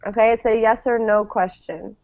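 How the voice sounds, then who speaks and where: A woman teaching an online English class, explaining things patiently and pausing with frequent ums. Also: on the high side, steady tone, gravelly, no room sound. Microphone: video call. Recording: tinny phone-like call audio, dry.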